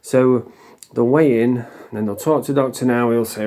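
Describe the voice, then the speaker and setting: Blunt man, mellow voice. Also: mid-range voice, steady tone, moderate pace. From England. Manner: rambling, blunt, swears freely, mimics people in quotes. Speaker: vlogger. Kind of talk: casual talking-to-camera monologue.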